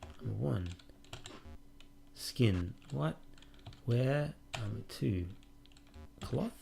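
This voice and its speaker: A man's voice: mid-range voice, expressive, very slow, gravelly, darkish tone, slight background noise. A man hosting a let's play, casually commenting on a game and reading its prompts aloud with wry musing.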